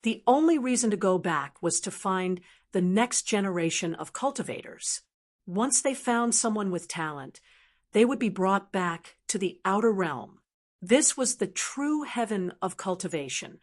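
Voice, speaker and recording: A woman narrating an audiobook in a steady, plain reading voice. Her pitch sits in the middle range. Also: a little slow.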